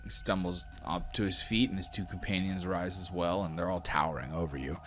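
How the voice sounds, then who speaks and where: Give me a low-voiced man running a tabletop game, casual and rambling. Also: fairly even intonation, a little fast, a bit bright, a little hiss or hum. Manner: casual, many fillers like "like". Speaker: game master.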